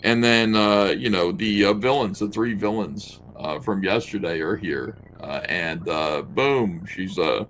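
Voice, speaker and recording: Unhurried and with few pauses, a co-host with a low, fairly bright voice chats casually while paging through a comic and sketching at his desk. He mocks it freely, laughs and swears a lot, and there's slight background noise.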